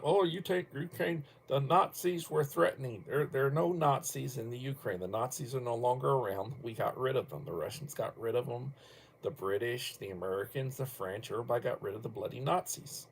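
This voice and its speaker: A man's voice: mid-range voice, gravelly, slight background noise. An older man hosting a casual livestream from home, rambling bluntly and cursing casually between topics. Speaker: livestream host.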